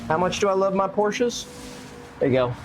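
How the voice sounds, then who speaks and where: A man's voice: high-pitched, lively intonation, moderate pace, noisy background. A man streaming a racing game live, chatting playfully with his viewers and his cats. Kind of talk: casual live-stream chat while gaming.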